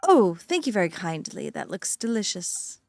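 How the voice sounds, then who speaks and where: A woman's voice: mid-range voice, very animated, moderate pace, gravelly, darkish tone, no room sound, soft background music. A woman reading the lines of a cheeky, blood-loving male vampire knight from a game, with a sly, teasing delivery. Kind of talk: reading game dialogue aloud.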